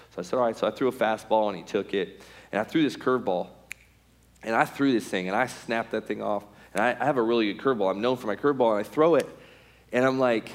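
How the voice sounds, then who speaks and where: A middle-aged man tells a story from his playing days as a testimony to a crowd. His mid-pitched voice rises and drops as he acts out what people said, with lots of "like" and "right?" in between. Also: brisk, slight background noise. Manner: animated, acts out scenes in quoted voices, many "like" and "right?". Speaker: former pro baseball pitcher giving a testimony.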